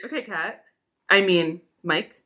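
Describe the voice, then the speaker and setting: A woman's voice: lowish voice, slow pace, pushed and bright. A woman co-hosting a chat podcast, playfully putting questions to her guest. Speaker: podcast co-host. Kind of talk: casual chat.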